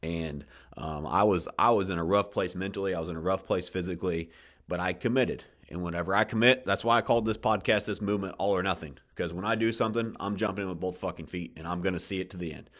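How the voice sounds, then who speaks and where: A man with a very deep voice hosts a podcast in a casual, heartfelt way. He talks with passion, swears freely and restarts his sentences, and he gets emotional as he tells his story. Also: fast, a bit bright. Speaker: podcast host.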